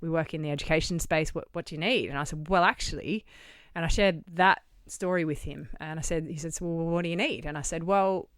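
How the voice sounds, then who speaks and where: A middle-aged Australian charity founder, appearing as a guest in a podcast studio, tells a story conversationally in a low, smooth voice. She speaks briskly, acts out each bit of dialogue, and swears casually, and the recording is dry and close.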